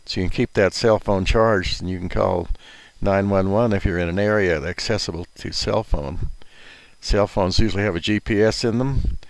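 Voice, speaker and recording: Gravelly older man, folksy and chuckling. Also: on the low side, moderate pace, no room sound. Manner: rambling, chuckling, folksy asides. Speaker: storyteller. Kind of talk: casual storytelling and advice talk.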